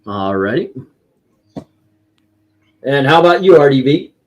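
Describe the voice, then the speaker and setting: A man's voice: medium pitch, very animated, a little slow, darkish tone. A man hosting a casual livestream panel, upbeat and tallying votes aloud. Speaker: host.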